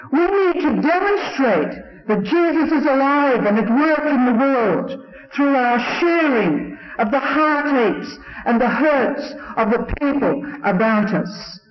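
English male preacher, earnest storyteller, unhurried delivery, echoey muffled old tape. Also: very high voice. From England. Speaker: Salvation Army preacher. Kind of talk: sermon. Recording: roomy, dull old recording.

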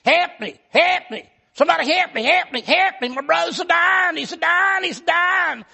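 A man's voice: measured pace, vocal fry, a bit bright, full character voice. A man voicing a panicked mountain man, crying out for help for his twin brother. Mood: frantic hollering. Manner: frantic high-pitched hollering.

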